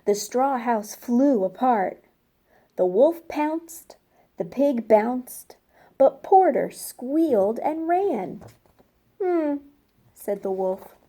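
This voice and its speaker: A woman reading a storybook aloud to young children, gentle and slow, asking them questions as she goes. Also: fairly high pitch, expressive. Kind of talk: interactive storybook read-aloud.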